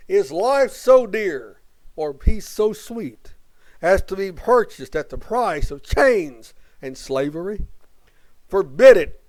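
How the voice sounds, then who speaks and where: A man's voice: high voice, poor audio. A man delivering a declamatory rally speech with rhetorical questions and chanted refrains. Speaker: rally speaker. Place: outdoor rally.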